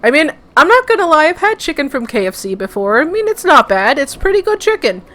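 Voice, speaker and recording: A woman's voice: high voice, very animated, fairly quick, a bit bright. Giggly young Brooklyn woman gaming. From Brooklyn, New York. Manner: giggly, rambling, many fillers. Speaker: let's play host. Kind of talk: casual game commentary and reading aloud.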